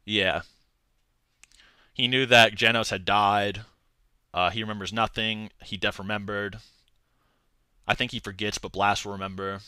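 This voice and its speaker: A young man talks in a loose, rambling way on a live stream, piling on filler words and slang. His voice is bright and forward. The sound is dry and close, with almost no room around it. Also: lowish voice, fairly even intonation, unhurried, long pauses, clean tone, no room sound. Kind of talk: casual livestream rant.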